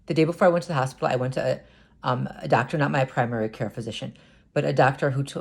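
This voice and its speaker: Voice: medium pitch, vocal fry, darkish tone. An adult talking through a personal confessional vlog, hesitant and stammering, with many restarts and repeated words. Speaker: vlogger.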